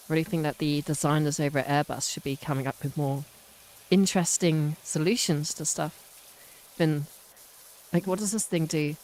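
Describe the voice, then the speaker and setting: A woman's voice: low-pitched, steady tone, fairly quick, darkish tone, a little hiss or hum, poor audio. A woman chatting casually on a game live stream, rambling and self-mocking.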